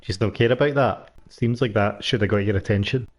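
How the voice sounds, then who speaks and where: A man's voice: lowish voice, brisk. A man giving wry, joking commentary while playing a game. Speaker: gameplay streamer. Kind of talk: casual gameplay commentary.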